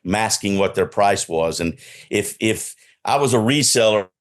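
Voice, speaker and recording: A man's voice: lowish voice, expressive, measured pace. Southern guy, middle-aged, straight-talking and sure of himself, interview over a video call. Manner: direct, confident, storytelling with quoted dialogue. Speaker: guest, enterprise salesperson. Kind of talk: casual podcast interview.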